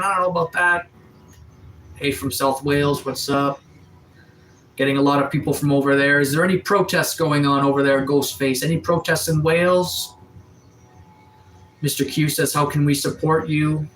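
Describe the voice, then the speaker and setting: A man's voice: on the high side, steady tone, unhurried, pauses often, fairly bright tone, a little hiss or hum, rough recording. A man from Atlantic Canada with a cold, casually reading out and answering chat comments on a live stream. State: has a cold. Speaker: livestreamer. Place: sunroom.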